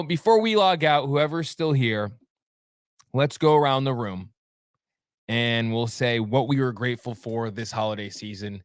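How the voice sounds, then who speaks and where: A man's voice: medium pitch, clean tone, dry recording, studio quality. A man hosting a live show alone, chatting casually and reading out viewer comments in a rambling, friendly way. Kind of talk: casual livestream chat.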